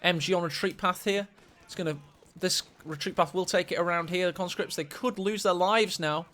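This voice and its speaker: A man casting a strategy game match, excitable and quick to gasp at big plays. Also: sits high. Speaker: esports caster. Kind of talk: live game commentary.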